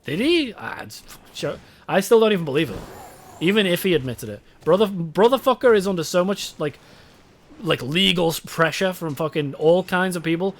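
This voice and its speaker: A man's voice: high voice, lively intonation, moderate pace. A young British man streaming a game, chatting casually with his chat, swearing and rambling. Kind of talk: casual live-stream chat while gaming.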